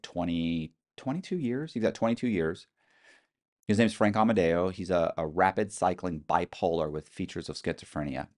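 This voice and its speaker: A man's voice: low-pitched, gravelly, darkish tone. A man telling a long story as an interview guest, acting out the people he quotes and swearing freely.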